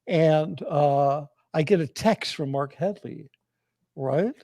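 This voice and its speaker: A man's voice: fairly high pitch, slow pace, dark tone, no room sound. A man as interview guest, telling a personal story with many restarts and fillers.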